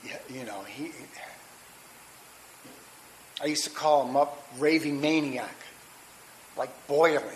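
A man's voice: fairly high pitch, normal speed, poor audio. A middle-aged man telling his recovery story at a meeting, candid and rambling, with restarts and fillers. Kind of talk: personal testimony at a recovery meeting. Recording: faint hiss.

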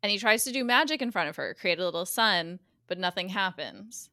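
A bright-voiced woman tells the story of a TV episode in casual podcast chat, slipping into the characters' lines with quick shifts of voice. She is recorded close on a dry mic with no room sound. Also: mid-range voice, lively intonation, no echo. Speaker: guest co-host recapping a TV episode.

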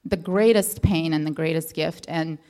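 A woman's voice: deep voice, moderate pace, warm tone. A woman from the audience sharing a personal story at a question session, hesitant and rambling, with many fillers and restarts. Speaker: audience member asking a question.

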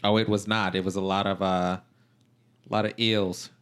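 A man's voice: low-pitched, flat delivery, normal speed, fairly bright tone, clean tone. A man co-hosting a podcast, teasing his friend dryly and reading out listener questions. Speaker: podcast co-host. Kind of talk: casual banter.

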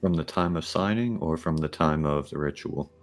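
A man's voice: rumbling low, moderate pace. A man playing a tabletop game, wary and questioning. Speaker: player.

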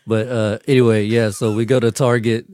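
A man's voice: medium pitch, little pitch movement, a little fast, a little mellow, no echo, clean studio sound. A young man in his twenties telling a casual story on a podcast, laughing and swearing often. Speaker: podcast host. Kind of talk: casual chat.

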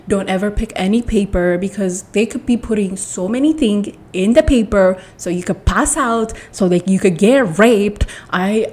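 A woman's voice: mid-range voice, a little mellow. A young woman with a mixed accent, telling a rambling, blunt story to camera in a casual vlog. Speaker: vlogger.

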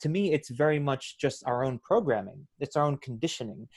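A man in a podcast conversation, explaining mindfulness in a casual, playful way that turns soft and reflective. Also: medium pitch, lively intonation, a little fast, slightly rough. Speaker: mindfulness guest.

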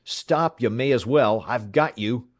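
A man reading aloud and voicing a grim, menacing adult cowboy outlaw who shouts threats and mutters curses. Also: very deep voice, slow pace, dry recording, studio quality, voice pushed down.

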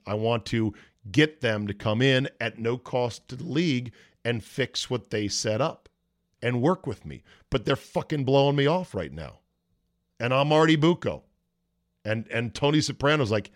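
A male sports talk host rants in a casual, profane, exasperated way. His voice sits at an ordinary middle pitch. The studio mic is close and dry, with no room sound. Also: no echo. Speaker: podcast host.

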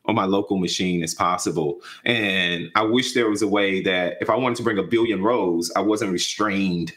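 A man in his forties, a YouTube host, telling stories in a casual chat and acting out quotes. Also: moderate pace. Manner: animated, acts out quotes with big pitch jumps. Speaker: guest, YouTube data channel host.

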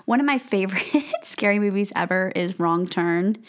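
A young woman co-hosting a podcast in casual chat, bubbly and quick to laugh, with lots of fillers. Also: mid-range voice. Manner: bubbly, laughs often, says "like" a lot.

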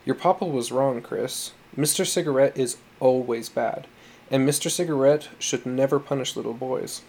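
Guy reading a patient foster mom, gentle and coaxing, mellow voice. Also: mid-range voice, normal speed, husky. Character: tender, patient foster mother.

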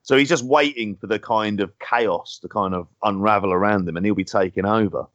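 A man's voice: lowish voice, brisk, fairly bright tone, no echo, muffled recording. A man from London co-hosting a podcast, chatting casually with rambling, sweary banter. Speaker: podcast co-host. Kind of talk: casual chat.

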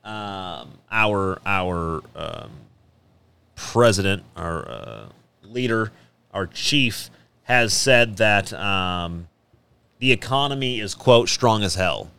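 A man's voice: low voice, animated, slow, gravelly, bright, forceful tone, smooth. A young man hosting a casual radio talk show, joking around and reading things aloud. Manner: jokey, reads aloud with a hammy mock German lilt. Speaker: podcast host.

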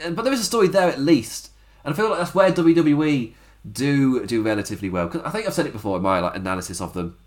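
Animated man rambling through a recap. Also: medium pitch. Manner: chatty, rambling, laughs often, acts out quotes. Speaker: wrestling show reviewer. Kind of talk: casual spoken recap.

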